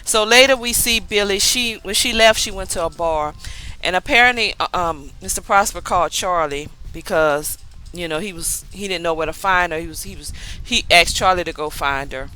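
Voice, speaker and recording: Bright-voiced woman recapping a TV episode. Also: fairly low pitch, moderate pace, clean tone, low-quality recording. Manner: chatty retelling with many fillers and asides. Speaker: TV recap vlogger.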